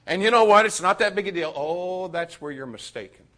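A man preaching a sermon to young people, animated and addressing them directly. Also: high-pitched, a little fast.

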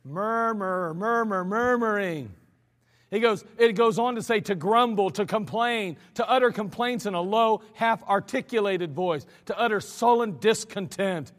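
A man preaching a sermon to his congregation, telling stories in a loose, conversational way with animated acted quotes, recorded in a church sanctuary. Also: high voice, moderate pace, few pauses. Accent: American. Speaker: pastor. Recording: church hall reverb.

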